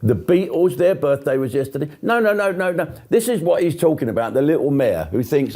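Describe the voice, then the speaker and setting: A man's voice: a little high, animated, a little fast, few pauses, warm tone. A man, a British comedian, ranting to camera in a blunt, sweary, sarcastic way. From Britain. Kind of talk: angry casual monologue.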